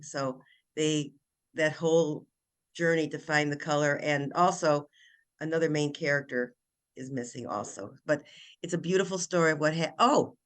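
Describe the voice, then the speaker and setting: Older woman animatedly retelling her book. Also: low voice. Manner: animated storytelling, many restarts. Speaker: children's author and guest. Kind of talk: casual interview chat.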